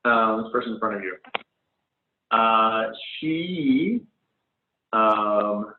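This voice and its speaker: A man's voice: on the low side, animated, extremely slow, slight background noise. A man running a tabletop game as game master, describing scenes in a hesitant way full of ums, over an online voice call. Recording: phone-like online call audio, echoey room.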